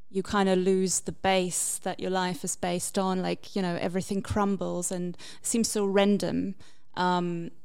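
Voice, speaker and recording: A woman from Germany, a guest on a podcast, telling a personal story openly and thoughtfully with frequent pauses. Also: lowish voice, darkish tone, clear, resonant tone. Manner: open, thoughtful, pauses with ums. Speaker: podcast guest, comedy writer. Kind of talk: conversational storytelling.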